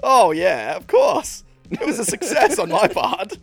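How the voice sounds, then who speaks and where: A man's voice: high-pitched, wildly swooping pitch, a little slow, creaky, over music. A man co-hosting a podcast, telling comic stories with frequent laughter and swearing, often tripping over his words. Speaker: podcast co-host. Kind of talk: casual chat, comic storytelling.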